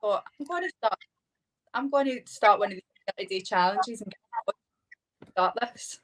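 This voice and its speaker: Animated Scottish woman telling a story. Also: mid-range voice, moderate pace, rough recording. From Scotland. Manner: animated, laughing, many fillers like "like". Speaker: guest, hypnotherapist. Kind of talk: casual storytelling interview.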